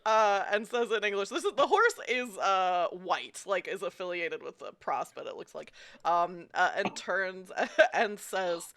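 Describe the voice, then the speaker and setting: A woman's voice: mid-range voice, animated, measured pace, hardly any pauses, a bit bright. A woman narrating a tabletop game as game master, giggling as she describes the scene.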